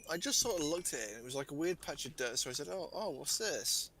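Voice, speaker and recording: A man's voice: fairly high pitch, very fast, fairly bright tone, slight background noise. Joking young man chatting while gaming. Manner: joking, self-deprecating, trails off and restarts. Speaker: gamer. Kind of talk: casual gaming chat.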